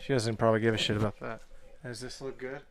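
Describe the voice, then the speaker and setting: A man's voice: mid-range voice, steady tone, fast talker, noisy background. A young man co-hosting a movie review podcast, joking crudely and getting hyped up in casual banter. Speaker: podcast co-host.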